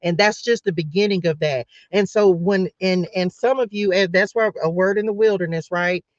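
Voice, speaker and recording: A man's voice: sits high, moderate pace, dry recording. A man hosting a casual live spiritual talk, passionate and emotional, close to tears, often restarting and repeating phrases. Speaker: host giving a spiritual message. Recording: dull lo-fi dry sound.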